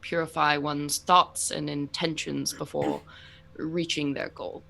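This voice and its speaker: Donna che fa un uomo britannico formale, voce bassa e brillante, calmo, pacato. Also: female voice, gravelly, heavily acted. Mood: explaining. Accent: put-on British. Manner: formal, measured, halting. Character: male scholar giving calm, formal explanations.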